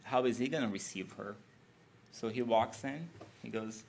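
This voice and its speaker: A man's voice: medium pitch, normal speed, gravelly, slight background noise. A man preaching a sermon as a conversational retelling of a scripture story, often asking his listeners "right?" as he goes. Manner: conversational, with tag questions.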